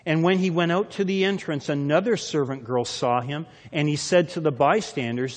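A male pastor gives a sermon in a slightly high voice, moving from loud, punchy lines to quiet, intense ones as he reads and explains scripture. The sound carries a long echo, as if in a church hall. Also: normal speed, hardly any pauses. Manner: dramatic scripture reading with lots of shifts in loudness.

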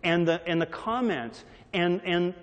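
A man's voice: high-pitched, animated, unhurried. A man preaching a sermon, repeating phrases to drive a point home and shifting his emphasis often. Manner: repetitive call-and-response phrasing, varied emphasis. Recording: long reverb of a large hall.

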